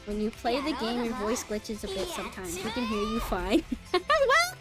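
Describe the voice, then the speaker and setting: Over game music, a young woman with a slightly high voice talks at a moderate pace during a casual live stream, joking with viewers and cursing without restraint as she plays.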